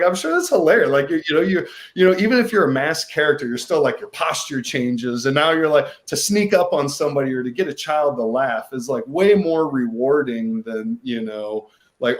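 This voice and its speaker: Speaking with a mid-range voice, this Missouri-born actor joins a panel as a guest. He keeps stopping and starting, talking in halting bursts.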